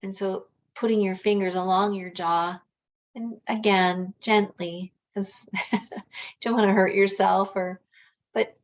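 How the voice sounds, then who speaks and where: In a mid-range voice, a woman leads a guided self-massage for relaxation. She speaks gently and slowly, with soft pauses and filler words.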